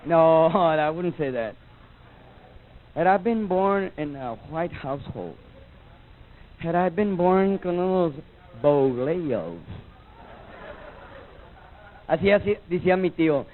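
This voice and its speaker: A man's voice: on the high side, animated, measured pace, long pauses, slight background noise. A male stand-up comedian with a Mexican-American accent, mixing English and Spanish and acting out family voices in a comedy set. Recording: tinny, phone-like VHS broadcast audio.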